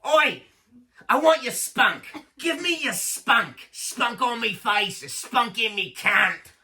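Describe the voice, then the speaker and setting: A man voicing a crude woman in a porn video with a put-on cockney accent, loud and drawn out. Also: very high voice, expressive, slow pace, recorded from a distance, voice pushed up, exaggerated voice. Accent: put-on cockney English.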